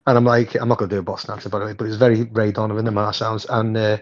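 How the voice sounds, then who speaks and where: A man co-hosting a podcast in casual chat, an animated storyteller with a voice worn hoarse. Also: very fast, few pauses. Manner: animated storyteller, jumps high in pitch. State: hoarse, hungover. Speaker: podcast co-host. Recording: dull lo-fi sound.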